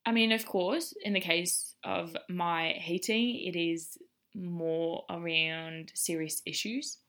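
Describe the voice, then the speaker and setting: A woman's voice: lowish voice, slow pace, fairly bright tone. A young woman hosting a solo podcast, ranting in a blunt, profane and sarcastic way. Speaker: podcast host. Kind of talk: casual ranting monologue.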